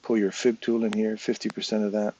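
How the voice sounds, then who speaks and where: A man's voice: lowish voice, level tone, brisk, mellow, slight background noise, rough recording. An English man with a casual, chatty manner, talking viewers through a trading chart live, step by step. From England. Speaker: trading educator.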